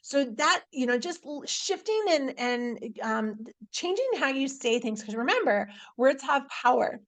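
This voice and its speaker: A woman with a slightly higher voice chats casually at home, pitching her coaching. She rambles and restarts her sentences often, in an upbeat and encouraging way. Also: expressive, unhurried. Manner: rambling, with many restarts and fillers. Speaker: intuitive life coach. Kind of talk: casual live video promotion.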